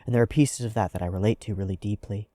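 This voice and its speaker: A man's voice: fairly low pitch, steady tone, fast talker, warm tone, dry recording. A man hosting an anime reaction, talking through a character's psychology in a thoughtful, analytical way with frequent "like"s. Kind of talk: casual reflective commentary.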